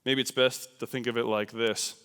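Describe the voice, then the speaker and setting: A man from New Jersey giving a conversational, animated sermon about missions in a church. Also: medium pitch, moderate pace, smooth. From New Jersey, USA. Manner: conversational, animated, self-deprecating. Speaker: missions speaker. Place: church sanctuary. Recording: long hall reverb.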